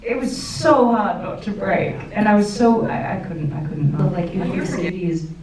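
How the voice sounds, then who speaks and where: A woman, an actress on a screening panel, talking in a chatty, animated way with many fillers and restarts. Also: mid-range voice, normal speed, a crowd in the background. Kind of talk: panel Q&A chat. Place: screening room with audience. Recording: roomy and distant with faint noise.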